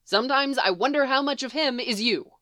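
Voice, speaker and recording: A woman's voice: brisk, fairly bright tone, dry recording, studio quality. Tony, a prickly neurotic man, as a woman reader puts him on. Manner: petulant, higher pitched than the narration. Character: neurotic, prickly adult man, gloomy and sulky.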